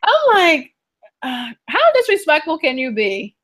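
A woman's voice: sits high, wildly swooping pitch, a little slow, a bit bright. A woman co-hosting a podcast, chatting casually and indignantly. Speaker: podcast co-host. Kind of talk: casual chat.

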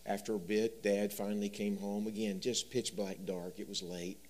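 A man preaching a sermon, telling stories and swinging from loud emphasis to soft, quiet delivery. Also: lowish voice, flat delivery, normal speed. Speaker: pastor.

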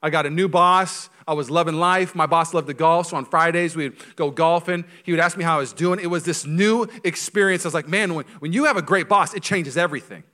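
A man preaching a sermon in a bright, somewhat high voice. He talks to the congregation in a casual, jokey way, dropping quiet for serious points and rising loud for punchlines. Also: fairly quick, few pauses. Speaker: pastor.

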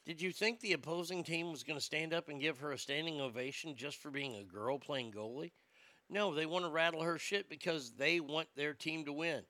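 A man's voice: on the high side, bright, forceful tone, no echo. A man delivering a blunt, sarcastic, profane opinion rant as a commentator.

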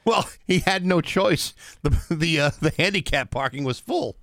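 A man's voice: on the high side, expressive, moderate pace, fairly bright tone, dry recording. Laid-back man with dry wisecracks. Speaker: radio co-host. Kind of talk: casual chat.

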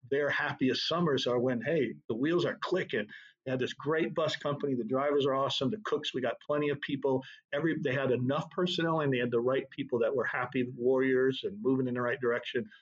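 A middle-aged man, a drum corps tour director, telling anecdotes in a relaxed, storytelling way during an interview. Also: mid-range voice, dull audio. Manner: relaxed anecdotal, laughs at own stories.

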